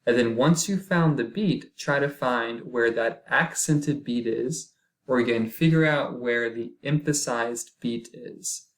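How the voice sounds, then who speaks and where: A man gives a recorded music lesson, talking at an unhurried, deliberate pace. His pitch sits right in the middle of the range. He explains step by step and counts beats out loud. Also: rough recording. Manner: slow, patient explaining, counting beats aloud. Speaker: music teacher. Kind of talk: recorded lecture.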